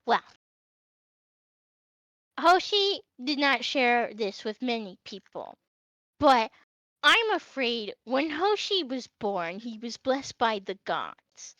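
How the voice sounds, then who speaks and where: A woman voicing a small male wizard figure, fussy and halting. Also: on the high side, sing-song, bright, forceful tone, no room sound, muffled recording, full character voice. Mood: worried.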